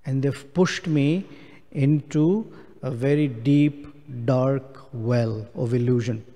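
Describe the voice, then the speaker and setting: Brief: man, scripture lecturer, slow and mellow, long hall reverb. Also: mid-range voice. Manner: slow, explains Sanskrit verse word by word. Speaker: speaker giving a scripture class. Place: temple hall.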